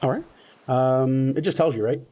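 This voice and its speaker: A man running a tabletop game as game master, narrating in a loose, halting way full of fillers. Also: mid-range voice, mellow, a little hiss or hum.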